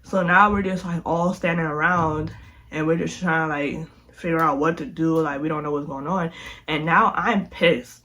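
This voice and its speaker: A young adult telling a casual storytime vlog in an animated, slangy way, full of filler sounds. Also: medium pitch, normal speed. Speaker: vlogger.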